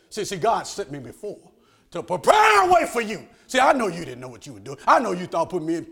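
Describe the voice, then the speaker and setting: Shouting, high-pitched preacher man. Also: wildly swooping pitch, fast talker, gravelly, breathy edge. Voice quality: swings from hushed to shouting, call-and-response. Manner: folksy, laughing asides, asks for amens. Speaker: pastor. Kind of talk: sermon.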